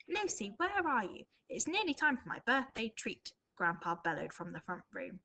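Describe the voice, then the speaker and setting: Woman, primary teacher, mid pitch, talks through her drafting and reads examples slowly with expression. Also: bright, forceful tone, low-quality recording. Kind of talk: recorded remote writing lesson.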